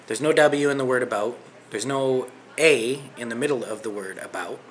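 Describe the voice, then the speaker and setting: A middle-aged man with a Canadian accent talks to camera in a loose, rambling way, wandering from point to point. His voice sits at an ordinary middle pitch. A faint hiss runs under it. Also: brisk, few pauses, a bit bright. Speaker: vlogger. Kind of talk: rambling video response.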